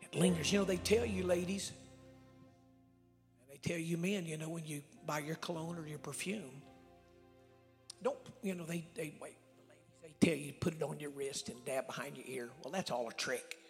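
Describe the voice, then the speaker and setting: A man preaching a storytelling sermon as a traveling evangelist, swinging between loud shouts and hushed whispers, recorded live in a church. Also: on the high side, steady tone, normal speed, gravelly. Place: church sanctuary with reverb. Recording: live church recording with long reverb and faint music.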